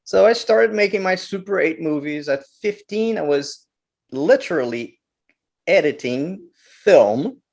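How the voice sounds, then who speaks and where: Animated man telling stories. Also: fairly high pitch, measured pace, gravelly. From Brazil. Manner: animated, acts out quotes, repeats words. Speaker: guest filmmaker. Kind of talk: storytelling interview.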